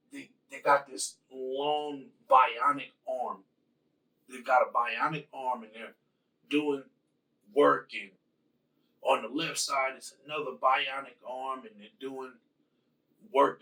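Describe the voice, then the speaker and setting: Man, casual plot recap, slow and halting, bright voice, a bit off-mic. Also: medium pitch, recorded from a distance, low-quality recording. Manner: halting, many fillers and restarts; quotes characters in his own voice. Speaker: host retelling a film plot. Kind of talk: casual story retelling. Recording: voice from away from the mic.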